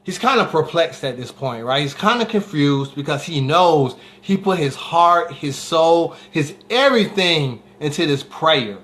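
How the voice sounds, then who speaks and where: A man's voice: on the high side, animated, unhurried, few pauses, fairly bright tone. A man giving a casual motivational talk, telling a story with lots of restarts and frequent "right?" asides. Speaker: motivational speaker.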